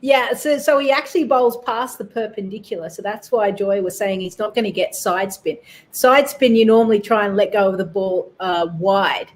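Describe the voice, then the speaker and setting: A woman giving relaxed cricket analysis on a talk show. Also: mid-range voice. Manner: easygoing, measured, with fillers. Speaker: cricket pundit.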